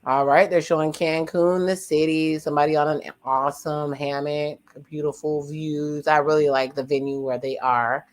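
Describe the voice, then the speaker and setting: A woman with a low-pitched voice hosts a casual watch-along, speaking in a flat delivery at a moderate pace with hardly any pauses. She uses slang, retells a reality show's dialogue, and makes blunt asides to her viewers in her reaction commentary.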